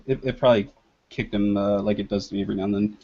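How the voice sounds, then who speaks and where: A man's voice: fairly low pitch, big pitch swings, fairly quick, a little mellow. A man joking around on a video call, laughing a lot. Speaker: artist on a show. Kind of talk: casual chat on a video call. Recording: dull lo-fi call audio.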